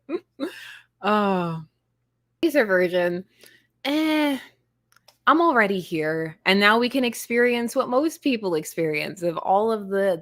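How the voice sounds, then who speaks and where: A woman's voice: mid-range voice, no room sound, studio quality. A woman hosting a casual comics livestream, chatty and self-deprecating, laughing often. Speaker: comics show host.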